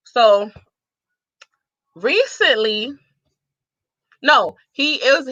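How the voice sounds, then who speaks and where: Sassy, bright-voiced woman in her thirties. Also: a little high, no room sound, highs cut off. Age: 30s. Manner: sassy, animated, laughs often. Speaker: vlogger. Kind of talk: casual storytelling to viewers.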